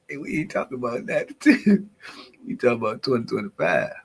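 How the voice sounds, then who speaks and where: A man's voice: medium pitch, very animated, normal speed, slightly rough, rough recording. A man hosting a morning podcast in casual banter, laughing often as he reacts to his chat. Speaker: podcast host. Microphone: podcast mic.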